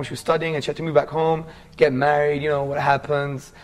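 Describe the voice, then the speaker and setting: A man's voice: on the high side, fairly even intonation, brisk, hardly any pauses. A man in his forties from England, earnestly telling his life story as a guest in a casual interview and calling the host bro.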